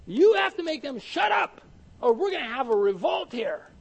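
A man voicing panicky male religious leaders who urgently plead and shout demands. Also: extremely high pitch, very animated, normal speed, vocal fry, muffled recording, voice pushed up, heavily acted. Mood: alarmed.

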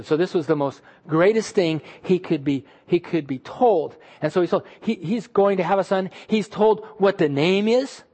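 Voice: medium pitch, darkish tone. A pastor preaching a sermon in a conversational way, retelling a scripture story, acting out people's thoughts and asking the listeners questions. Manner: conversational, asks the audience questions.

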